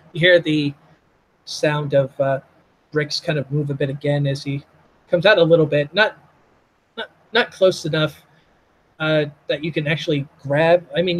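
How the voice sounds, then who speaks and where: A man narrating as game master in a tabletop role-playing game, halting with many fillers. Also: a little high, slight background noise, low-quality recording.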